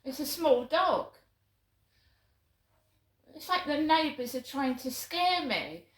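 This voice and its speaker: A woman's voice: high voice, very animated, takes it slowly, reverberant, rough recording. Flustered chatty woman vlogging. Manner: chatty, flustered storytelling with restarts. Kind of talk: casual vlog monologue. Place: outdoors at night on a walk.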